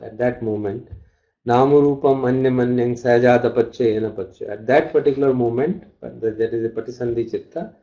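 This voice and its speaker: A man's voice: medium pitch, mellow, rough recording. A man teaching a study class, reading out texts and glossing Pali terms as he explains them. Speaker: dharma teacher.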